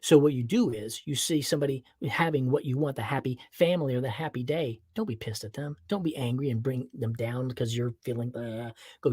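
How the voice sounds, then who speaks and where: Husky, upbeat man giving motivational talk. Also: medium pitch, brisk, hardly any pauses, dry recording, studio quality. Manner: upbeat, animated, breaks into playful whoops and exclamations. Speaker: podcast host. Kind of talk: motivational monologue.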